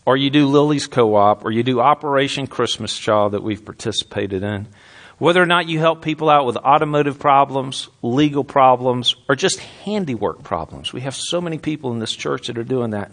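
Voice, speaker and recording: A middle-aged man preaching a sermon, shifting between relaxed talk and scripture readings. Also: medium pitch, fairly quick. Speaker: pastor.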